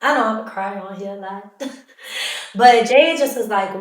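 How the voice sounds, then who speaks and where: Woman, podcast host, candid and emotional, casual heartfelt talk, higher voice, distant mic. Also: animated, slow pace. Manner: candid, emotional storytelling with laughter. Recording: roomy echo, mic at a distance.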